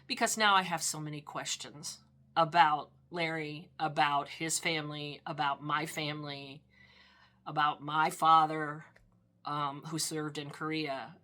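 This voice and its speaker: An older woman with a low-pitched yet bright, clear voice gives a documentary interview. She talks softly and from the heart, her words often trailing away to near quiet. She sounds a little teary. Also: fairly even intonation, measured pace. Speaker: interviewee, niece of a veteran. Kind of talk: documentary interview, reflective recollection.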